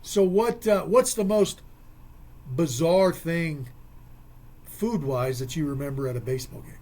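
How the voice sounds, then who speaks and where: A man with a slightly husky, somewhat high voice hosts a casual radio sports talk segment. He jokes, tells stories and thinks through numbers out loud. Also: unhurried. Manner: joking, storytelling, thinks aloud with math.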